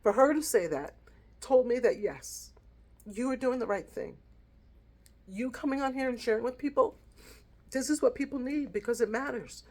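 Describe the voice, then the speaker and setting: A middle-aged woman talks to her channel in an earnest, reflective way, telling a personal family story. Her voice carries quiet emotion and lingers on the feelings behind her words. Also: fairly high pitch, moderate pace, pauses often. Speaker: vlogger. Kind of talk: heartfelt personal vlog.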